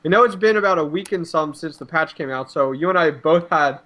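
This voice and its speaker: A man hosts a laid-back gaming chat, going through patch notes with a fairly high voice. He laughs easily and throws in quick, dramatic reactions. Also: sharp tone. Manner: chatty, laughs often, acts out reactions. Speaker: host. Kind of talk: casual gaming podcast chat.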